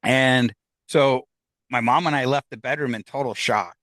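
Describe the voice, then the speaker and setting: A man's voice: mid-range voice, normal speed, a bit bright, dry recording. A man telling a personal story in casual conversation, acting out the voices of the people in it. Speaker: guest.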